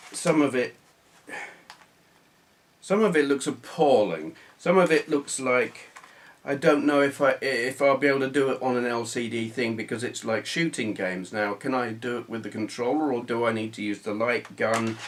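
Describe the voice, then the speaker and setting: A man's voice: mid-range voice, moderate pace. A man chatting casually to camera in a small room, rambling with restarts and self-deprecating asides. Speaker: retro gaming YouTuber. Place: small hot room under bright video lights.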